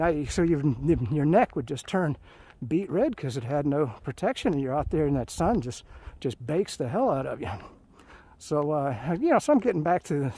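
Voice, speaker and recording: Walking a hiking trail with his phone held out, a Marine veteran in his fifties tells his stories casually, stumbling through fillers and restarts. The recording is dry, and his voice is fairly high and mellow.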